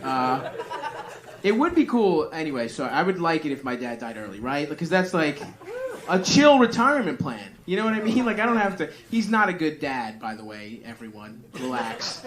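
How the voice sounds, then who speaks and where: A man's voice: on the high side, very animated, normal speed, a bit bright. A man doing stand-up on stage, rambling through profane, self-deprecating crowd work. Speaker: stand-up comedian. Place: comedy club stage. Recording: live comedy club with crowd noise.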